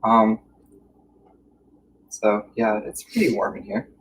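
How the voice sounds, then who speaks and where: A man chatting casually on a live stream while he eats at home, hesitant and full of filler pauses. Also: on the low side, fairly bright tone, recorded from a distance, a little hiss or hum, poor audio. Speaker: livestream co-host. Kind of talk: casual chat while eating. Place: warm room at home.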